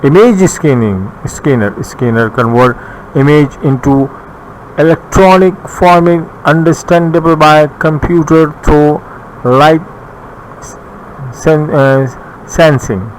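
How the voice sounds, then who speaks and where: A man with a Bangladeshi English accent teaching a recorded computer lesson, reading his notes slowly with pauses and some restarts. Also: on the high side, low-quality recording. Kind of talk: recorded classroom lecture. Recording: faint background noise.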